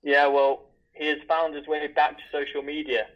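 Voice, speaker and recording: A man's voice: a little high, completely flat delivery, normal speed. A young man on a podcast, matter-of-fact. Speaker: podcast co-host. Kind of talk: casual podcast chat. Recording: dull lo-fi audio.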